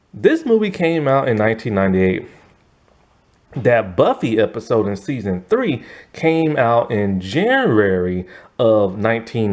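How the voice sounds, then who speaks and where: A man talks through a movie review in a loose, chatty way. His pitch swings up and down a lot, and his thoughts ramble along with plenty of fillers. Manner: rambling, animated, lots of fillers and laughs. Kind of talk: casual spoken movie review.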